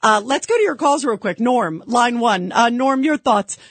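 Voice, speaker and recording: A woman's voice: a little high, animated, moderate pace, husky, no room sound. A woman hosting a call-in radio talk show, telling a story and thanking callers in an emotional, effusive, patriotic way.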